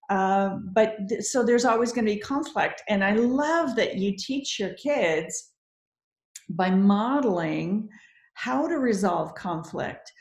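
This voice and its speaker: A female interview host posing heartfelt questions, her words tumbling out in restarts and stumbles. Her mid-pitched voice carries a noticeable room echo. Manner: earnest, stammering restarts. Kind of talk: interview conversation. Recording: roomy echo.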